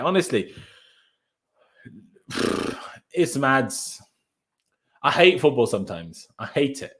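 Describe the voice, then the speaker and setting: A man's voice: medium pitch, sing-song, takes it slowly, long pauses, fairly bright tone. A young man hosting a fan channel's post-match live stream, ranting in exasperation, repeating himself and bantering with viewers in chat.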